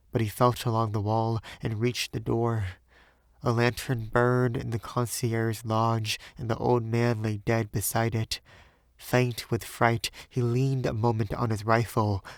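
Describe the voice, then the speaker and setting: Brief: male audiobook reader, mid-pitched, dry close mic, rambling and self-deprecating in his afterword. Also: no echo. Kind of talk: audiobook narration with casual afterword.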